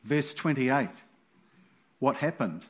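A man preaching a sermon in an animated, playful way, with sudden loud exclamations. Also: medium pitch, slow.

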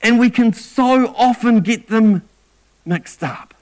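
Guy preaching, kinda high voice, earnest, keeps tripping over words and restarting. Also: takes it slowly, a little mellow. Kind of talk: sermon.

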